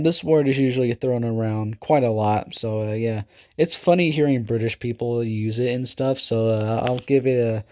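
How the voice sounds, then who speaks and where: Mellow-voiced man ranting with profanity. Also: mid-range voice. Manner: rambling, profane, hesitant with many fillers. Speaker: video creator. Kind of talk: casual rant.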